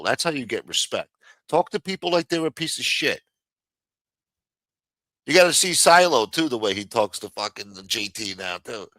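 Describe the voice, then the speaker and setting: A man rants on a livestream with a bright, forceful voice, swearing nonstop and getting worked up. The sound is dry and close, with no room around it. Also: mid-range voice, dry recording. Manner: heated, swears constantly, mocks others in raised voices. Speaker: livestream commentator. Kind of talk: casual profane rant.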